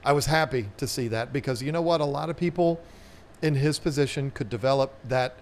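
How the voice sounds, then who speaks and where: A man's voice: mid-range voice, fairly quick, slight background noise. A man with a Southern US accent hosting a casual live chat, rambling and repeating words as he talks. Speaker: aquarium channel host.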